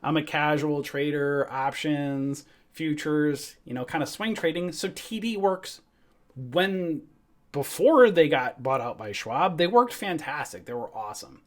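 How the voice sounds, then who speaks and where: Casting: middle-aged male stream host, slightly high voice, fired-up profane rant with acted-out quotes. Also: measured pace. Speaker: trading show host. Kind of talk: casual livestream rant.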